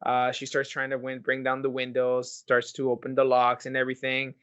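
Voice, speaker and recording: Swearing often, a podcast host animatedly walks through the plot of a horror film in a casual conversation. His medium-pitched voice is smooth and brisk. The sound quality is dull lo-fi podcast audio.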